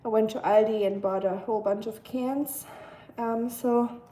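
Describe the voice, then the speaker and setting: This time the young German livestream host is unhurried, her voice on the high side, mellow and steady. Sounding tired, she rambles through viewer comments in a casual chat stuffed with fillers.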